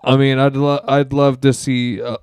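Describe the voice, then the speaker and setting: A man's voice: medium pitch, level tone, normal speed, darkish tone, clear, resonant tone, dry recording. A young man co-hosting a podcast, laid-back and casually swearing in loose chat. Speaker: podcast co-host.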